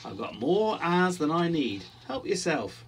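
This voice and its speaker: A man's voice: a little high, big pitch swings, a little slow, noisy background, pitched above the performer's own voice. A man voicing a generous, easygoing male aardvark in a picture book.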